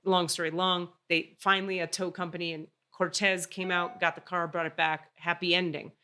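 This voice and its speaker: A woman hosting a podcast, telling a story in casual chat, animated and swearing freely. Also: on the low side, normal speed, a little hiss or hum. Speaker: podcast host.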